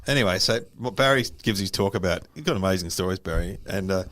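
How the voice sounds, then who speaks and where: A man with an Australian accent, a comedian co-hosting a casual podcast, telling stories with animation and laughing easily. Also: deep voice. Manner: animated storyteller, quick to laugh. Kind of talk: casual chat.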